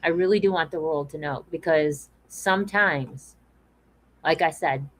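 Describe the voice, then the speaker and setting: A woman with a lowish voice hosts a conversation. She speaks earnestly and leans on repeated phrases to drive her points home. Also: a little slow, fairly bright tone, poor audio. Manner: emphatic, repeats phrases for weight. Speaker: podcast host. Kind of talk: earnest awareness talk.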